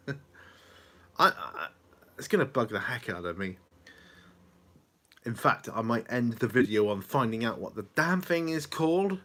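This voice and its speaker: A man's voice: mid-range voice, expressive, a little slow, pauses often, a bit bright. A middle-aged man chatting casually to camera at home, rambling, chuckling and losing his thread. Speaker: vlogger. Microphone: camera on a small tripod.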